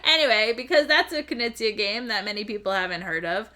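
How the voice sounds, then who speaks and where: Giggly bright-voiced woman streamer. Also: mid-range voice, a little fast. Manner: giggly, chatty, stumbles over names. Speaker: livestream host. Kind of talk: casual chat with live viewers.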